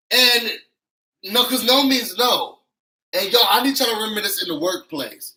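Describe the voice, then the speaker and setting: A man giving an animated, sassy recap of a reality show, acting out what others said with emphatic asides to his viewers. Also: high-pitched, measured pace, poor audio. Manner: sassy, emphatic, acts out quotes. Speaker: YouTube reality-show reviewer.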